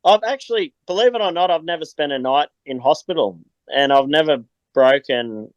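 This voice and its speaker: A man's voice: fairly high pitch, moderate pace, dry recording, highs cut off. An Australian man chatting as a podcast guest, telling rambling stories and laughing often. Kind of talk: casual chat.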